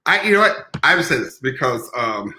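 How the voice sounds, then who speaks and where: A man's voice: medium pitch, very animated, normal speed, sharp tone, slight background noise. A man co-hosting a podcast, joking playfully and repeating running gags in casual chat. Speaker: podcast co-host.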